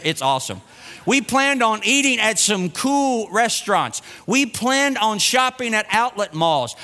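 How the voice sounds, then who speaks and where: A man's voice: high voice, bright, forceful tone. A middle-aged man telling a self-mocking, humorous personal story to an audience. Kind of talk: personal anecdote told to an audience. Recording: long reverb.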